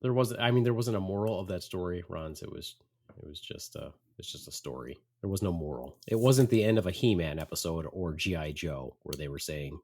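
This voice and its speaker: A man's voice: low voice, fairly quick, darkish tone. A man hosting a podcast, telling a comic story in a casual way. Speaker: podcast host.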